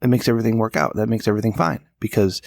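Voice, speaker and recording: A gravelly-voiced man in his late thirties rambles through a casual podcast chat, profane and a little drunk. He is recorded close on a dry studio mic. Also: on the low side, rapid-fire, a little mellow, no room sound. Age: 30s. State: slightly drunk. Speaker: podcast co-host. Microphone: studio microphone.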